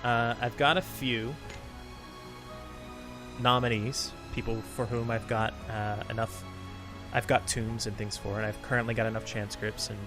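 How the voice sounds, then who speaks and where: Brief: chatty man live-streaming a game, mid pitch, self-deprecating asides. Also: level tone, unhurried. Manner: rambling, self-deprecating, many restarts. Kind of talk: casual live-stream chat while reading game dialogue. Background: game music.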